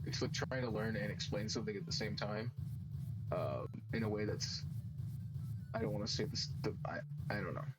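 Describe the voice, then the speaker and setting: Rambling self-doubting man over loud music. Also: lowish voice, low-quality recording. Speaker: streamer. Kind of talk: rambling casual gameplay chat.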